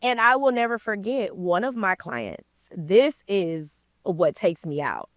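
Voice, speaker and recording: Speaking at a medium pitch and a slow pace, this credit repair coach is a guest in an interview. She spins a lively, slang-filled story, playing the parts of the people in it, with no echo on the recording.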